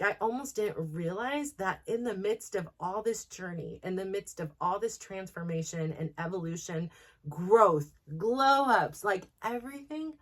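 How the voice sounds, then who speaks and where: A middle-aged woman hosts a candid personal talk, her voice sitting a little low. She speaks frankly and with feeling, rambling through her thoughts with plenty of "like" fillers. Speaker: host.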